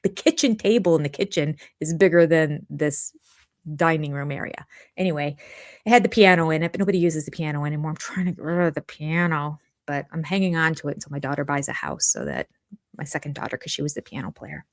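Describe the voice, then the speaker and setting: A woman's voice: low voice, expressive, fast talker. An older woman hosting a live chat from her home, rambling and jumping between topics. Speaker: channel host. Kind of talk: live chat reviewing a reality show. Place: home room.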